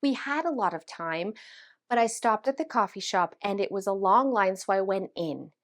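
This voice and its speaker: A woman, a vlog host telling a story to camera in an animated, dramatic way and acting out the quotes. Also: mid-range voice, normal speed.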